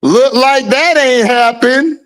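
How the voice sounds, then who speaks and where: Livestream host, high voice, slow drawn-out talk, loud teasing, casual chat. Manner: loud, teasing, repeats taunts with bursts of laughter.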